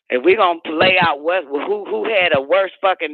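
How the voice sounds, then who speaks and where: A man's voice: sits high, moderate pace, hardly any pauses, no echo. A male radio host telling a story in a heated, mocking, profane way, heard through a phone-like line. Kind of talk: talk radio rant.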